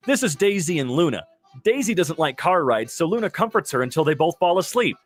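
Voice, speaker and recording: A man's voice: on the high side, sing-song, fairly quick. A man hosting a casual reaction commentary, reading captions aloud and adding joking asides. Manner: jokey asides after each reading. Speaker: host reacting to wholesome posts.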